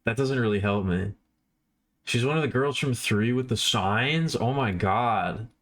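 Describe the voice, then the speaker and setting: A man's voice: medium pitch, unhurried, fairly bright tone. A man livestreaming, rambling casually and poking fun at himself while chatting with his viewers.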